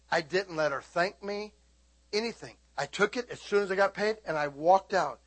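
A middle-aged male preacher telling a story in a lively, animated sermon, often shouting and laughing as he speaks to the congregation. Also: high voice, moderate pace, pauses often.

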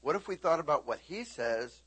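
A man preaching a sermon, animated, swinging between loud exclaiming and hushed talk. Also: a little high, normal speed, husky, dry recording.

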